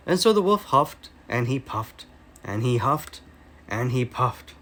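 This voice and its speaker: American man, children's story reader, unhurried, very lively intonation. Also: mid-range voice. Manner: slow expressive read-aloud.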